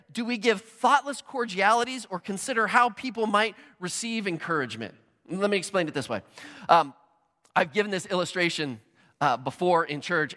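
A man preaching a sermon as pastor, telling stories animatedly and acting out bits of dialogue. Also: sits high. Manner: animated storytelling, acts out dialogue. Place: large church hall. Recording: long hall reverb.

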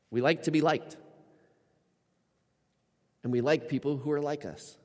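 A male pastor delivering a sermon, his voice sitting a little high for a man and ringing with a long church-hall reverb. He tells stories animatedly, slipping into the voices of the people he quotes. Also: fairly even intonation, moderate pace, long pauses.

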